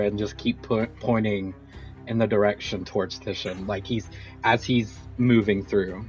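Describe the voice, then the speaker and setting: A man's voice: fairly low pitch, steady tone, measured pace, muffled recording, faint music behind. A young man playing a tabletop game who explains his character's moves in an eager, rambling way. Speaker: player. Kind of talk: casual tabletop play.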